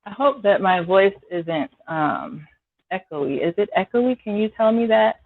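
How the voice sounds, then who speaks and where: A woman chatting with her viewers by name while she cooks in her home kitchen on a live stream, apologizing now and then as she clears a scratchy throat. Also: medium pitch, lively intonation, a little slow, no echo. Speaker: home cook hosting a live cooking stream. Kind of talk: casual live-stream chat while cooking. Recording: dry, tinny phone-like sound.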